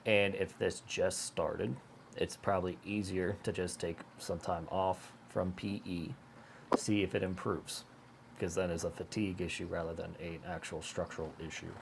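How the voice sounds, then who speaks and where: A low-pitched man with a stuffy, congested voice, co-hosting a casual podcast. He explains things plainly and practically. A faint hiss of noise sits under his voice. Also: little pitch movement, moderate pace, vocal fry. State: congested, sick. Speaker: podcast co-host.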